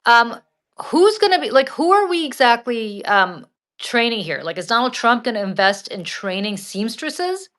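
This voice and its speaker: A woman's voice: a little high, sing-song, moderate pace, a bit bright. A woman hosting a casual political chat over a video call, emphatic and exasperated. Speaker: host.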